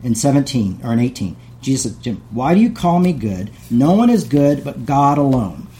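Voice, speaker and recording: A man's voice: mid-range voice, very animated, normal speed, warm tone, slight background noise. A middle-aged man hosting a casual talk, reading passages aloud and paraphrasing them with many asides.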